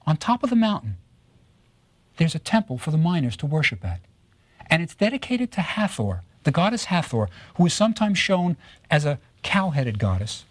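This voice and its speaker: A man giving a recorded lecture on Egyptology, telling stories with lively rhetorical questions and frequent tag questions. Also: a little high, no echo. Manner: animated storytelling with rhetorical questions; tags statements with "right?".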